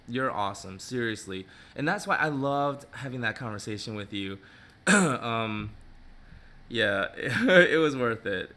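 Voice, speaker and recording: A middle-aged man chatting casually with viewers, his voice bright and forward at a middle pitch. He talks with animated energy and laughs easily, slipping into quick voices as he tells a story. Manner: animated, laughs often, acts out little voices for dogs. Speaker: mobile dog groomer. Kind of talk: casual live-stream chat reading viewer comments.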